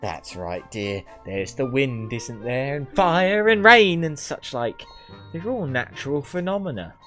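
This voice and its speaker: A man's voice: a little high, fairly bright tone, pitched above the performer's own voice. A man putting on a chatty West Country granny. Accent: West Country English. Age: older. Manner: chatty, fussing, sing-song. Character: sweet old country grandma, chatty and motherly.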